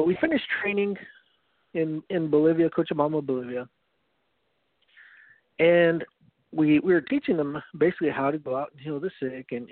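A high-voiced man preaches earnestly, telling a story and often restarting his phrases. The sound is dry and narrow, like it came over a phone line. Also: no room sound. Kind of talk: evangelistic teaching talk.

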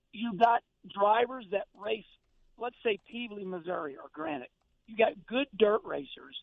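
A middle-aged man calls in to a radio show as a guest and talks in a worked-up, folksy way, doubling back on his words. His voice sits high and has a gravelly fry to it. The sound comes over a tinny phone line. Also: dry recording. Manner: emphatic, repeats words and restarts, folksy. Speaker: guest, former race car driver. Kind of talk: casual radio chat.

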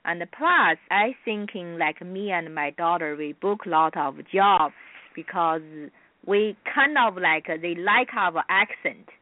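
A Mandarin-speaking actress from China, with a Chinese accent, is a guest on a radio interview, speaking haltingly, often restarting, and using simple non-native grammar. Her fairly low voice is expressive, and the dry, tinny phone line carries no room sound.

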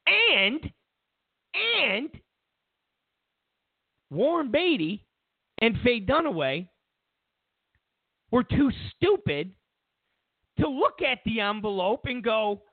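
A man's voice: very high-pitched, big pitch swings, drawn-out words, pauses often, no echo, narrow, tinny audio. A man hosting a commentary show, talking in a mocking tone and acting out what others said. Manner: mocking, acts out quotes in silly voices. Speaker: host. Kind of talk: political commentary monologue.

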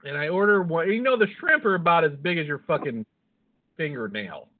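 A man's voice: on the high side, big pitch swings, normal speed. Profane rambling storyteller man, tinny sound. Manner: rambling, swears constantly, laughs at own jokes. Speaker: podcast co-host. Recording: phone-like lo-fi audio.

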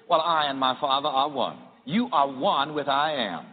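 A man's voice: medium pitch, animated, moderate pace, hardly any pauses, husky. A man preaching a sermon with emphasis, leading his congregation to repeat phrases after him. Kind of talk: sermon with call-and-response. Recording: tinny echoey hall recording with faint hiss.

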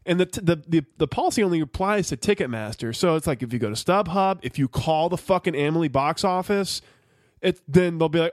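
A man's voice: on the high side, lively intonation, brisk, no echo, studio quality. Rambling, profane podcast co-host man. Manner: rambling and profane, full of restarts and "like". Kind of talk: casual chat.

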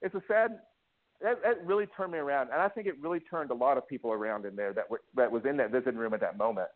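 Heard through narrow, tinny audio, a fast-talking man with a mid-range voice tells his own story candidly as an interview guest. He gets emotional and restless, often starting over and acting out what people said.

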